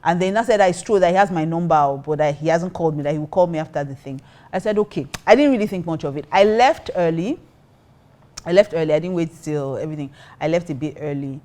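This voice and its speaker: A middle-aged woman with a Nigerian accent, a pastor and co-host, telling a story in a lively way and acting out the quotes. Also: sits low, quick pace. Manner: lively, acts out quotes, mixes in Pidgin. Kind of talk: casual storytelling chat.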